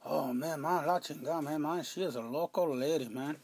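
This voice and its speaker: A man's voice: a little high, fairly quick, a little mellow, slightly rough. Someone playing a rambling man. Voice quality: rambling, fills every phrase with "man" and "you know". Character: rambling Mexican-American man, excitable storyteller. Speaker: comic character. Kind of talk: comedic monologue.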